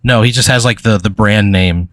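Low-voiced rambling male game master. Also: moderate pace, a bit bright, dry recording. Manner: rambling, filler-heavy storytelling. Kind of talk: narrating a tabletop game.

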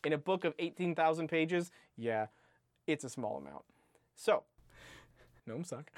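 A man's voice: fairly high pitch, expressive, unhurried, dry recording, studio quality. A man co-hosting a podcast, bickering casually with his friend, often laughing and teasing in exasperation. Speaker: podcast co-host.

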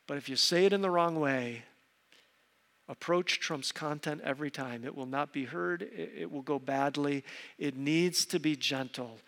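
A middle-aged male pastor preaches in an earnest, emphatic way, often repeating a word as he presses his point. His voice sits a bit high for a man. The sound rings out with the long reverb of a church sanctuary. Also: fairly bright tone. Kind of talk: sermon.

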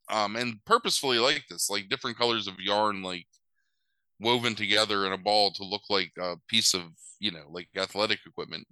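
A man's voice: on the low side, sharp tone, clear, resonant tone, no room sound, low-quality recording. A young man casually recapping a movie plot, rambling with lots of fillers and wry asides.

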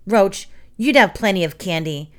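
A woman's voice: mid-range voice, expressive, moderate pace, a bit bright, lightly acted. A woman reading aloud, voicing an earnest, sensible boy who speaks a little primly. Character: proud, earnest boy in a suit.

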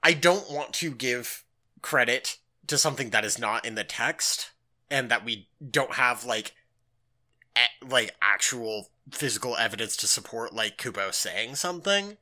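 Man, very bright tone, chatty and animated podcast co-host, lots of "like". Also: medium pitch, unhurried. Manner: animated, filler-heavy, acts out quotes. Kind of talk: casual recap chat.

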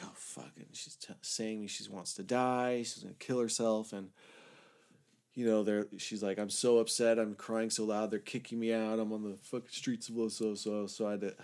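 A man casually telling a personal story in a rambling, candid way, swearing a lot and shifting between loud outbursts and low mutters. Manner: rambling, candid, heavy swearing, frequent "like" fillers. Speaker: storyteller recounting his own past.

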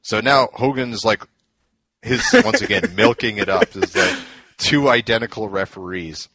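A man's voice: fairly low pitch, normal speed, pushed and bright. A man co-hosting a casual podcast, eagerly recounting old events and laughing often. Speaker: podcast co-host. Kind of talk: casual storytelling chat.

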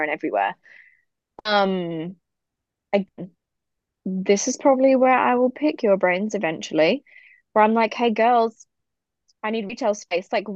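A lively British woman talks eagerly as a guest, her words spilling out with fillers and easy laughs. She speaks at a middling pitch for a woman. The recording is dull and dry, with no room around her. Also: dry recording. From United Kingdom. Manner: enthusiastic and chatty, many fillers and laughs. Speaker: podcast guest, business owner. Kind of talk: casual interview chat.

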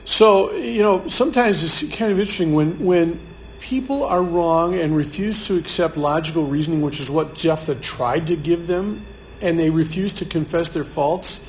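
A man leading a live Bible study in a conversational way, often repeating words and restarting, with a light hiss behind. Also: on the high side. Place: room with a live group.

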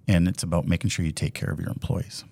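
A man's voice: sits low, steady tone, fast talker, creaky, warm tone, breathy edge. A man from Minnesota with a Minnesotan accent, a credit union chief talking earnestly and upbeat about leadership as a podcast guest. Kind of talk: casual interview.

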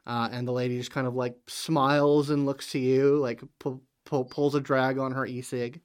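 A man running a tabletop game who narrates the scene in halting stretches. He leans heavily on fillers and restarts. His voice is smooth and resonant at an ordinary pitch. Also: level tone. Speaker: game master.

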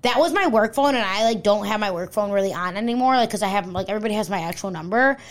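Speaking fast at a medium pitch, a young woman hosting a podcast rambles through a long story in casual chat. She says "like" constantly and reads text messages aloud.

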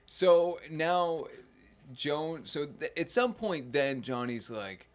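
A man co-hosting a casual podcast, retelling a film with animated, mocking asides and laughs. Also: fairly high pitch, slow. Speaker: podcast co-host. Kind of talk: casual movie-recap chat.

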